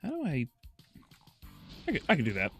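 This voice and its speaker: Lively, chatty male streamer. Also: a little high, fairly quick, faint music behind. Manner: chatty, swears freely, laughs often, talks to chat. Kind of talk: casual gameplay commentary.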